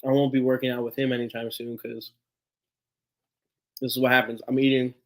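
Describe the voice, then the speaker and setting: A man hosting a live fan stream, telling a story in a casual, animated, rambling way, swearing freely and laughing as he goes. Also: mid-range voice, brisk. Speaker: sports fan show host.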